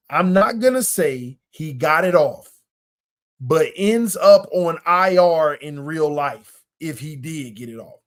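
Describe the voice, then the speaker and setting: A man's voice: a little high, expressive, takes it slowly. Emphatic fan podcaster man. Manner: emphatic, colloquial, repeats himself for effect. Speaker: sports podcast host. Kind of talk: casual sports commentary.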